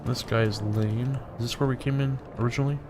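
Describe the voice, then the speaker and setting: A let's play host talks fast in a mid-range voice with fairly even intonation, chatting casually and thinking aloud while playing a game. Faint music sits in the background of this gameplay commentary.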